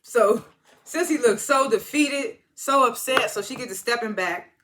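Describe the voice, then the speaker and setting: A TV episode reviewer giving a casual, animated recap, often correcting themselves and breaking into excited exclamations. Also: medium pitch, measured pace, noisy background. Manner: animated, rambling, self-correcting.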